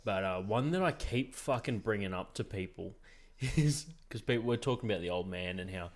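A young man, hosting a podcast and telling stories in casual chat, relaxed and full of swearing and laughter. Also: fairly low pitch, moderate pace. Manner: laid-back, swears a lot, laughs often. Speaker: podcast host.

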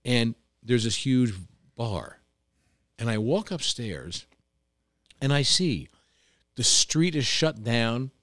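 A man's voice: medium pitch, slow pace, long pauses, no room sound, clean studio sound. A man who owns a restaurant, telling stories in casual chat, acting out what people said and swearing freely. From New York. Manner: animated, profane storyteller acting out quotes. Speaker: restaurant owner, guest. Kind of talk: casual storytelling.

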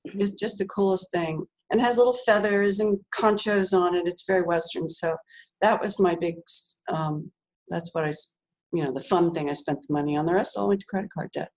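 A middle-aged woman telling a personal story in a relaxed, chatty way, with lots of fillers, restarts and laughs. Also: lowish voice, brisk, poor audio. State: tearful while remembering. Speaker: author, interview guest. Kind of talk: casual storytelling.

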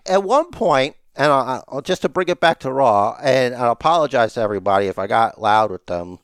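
A man's voice: medium pitch, expressive, fairly quick, a bit bright, smooth, no echo, studio quality. A middle-aged man co-hosting a casual wrestling podcast, ranting emphatically and swearing as he argues. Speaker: podcast co-host.

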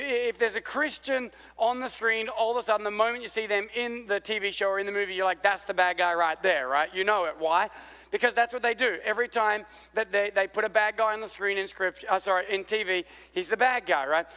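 A man's voice: sits high, bright, forceful tone. A male pastor preaching a sermon in a conversational way, repeating words for emphasis and asking the congregation questions. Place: church hall. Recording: long hall reverb.

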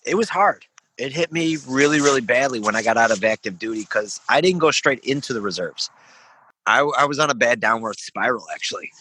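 A man's voice: mid-range voice, lively intonation, a little fast, bright, forceful tone, slightly rough. A young man, a veteran guest on a podcast, telling a rambling story with laughs and swearing. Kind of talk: casual storytelling.

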